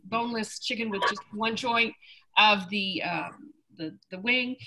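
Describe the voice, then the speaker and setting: A woman's voice: medium pitch, pushed and bright. A woman on a video call, chatting casually about a recipe she cooked, with small restarts. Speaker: TV cooking show host, guest.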